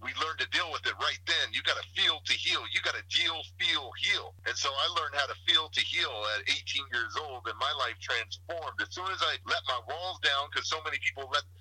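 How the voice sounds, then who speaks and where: Bright-voiced motivational speaker man. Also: fairly high pitch, a little fast, hardly any pauses, breathy edge, no room sound, low-quality recording. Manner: preachy, slogan-heavy, rhythmic wordplay. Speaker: guest speaker. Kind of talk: motivational podcast talk.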